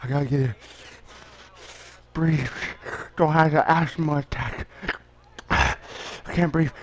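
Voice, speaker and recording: A young man giving excited commentary over a baseball video game, talking to himself and trash-talking the players. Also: a little high, takes it slowly, pauses often. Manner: talks to himself, hyping himself up, playful trash talk. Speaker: guest gameplay commentator.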